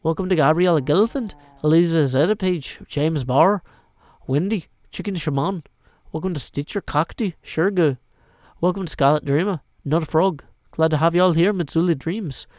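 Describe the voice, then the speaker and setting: With a Southern twang, this Tennessee man chats casually on his gaming livestream, welcoming viewers slowly and playfully before sliding into sing-song rhymes. The voice is a little high and a little mellow, with no room sound.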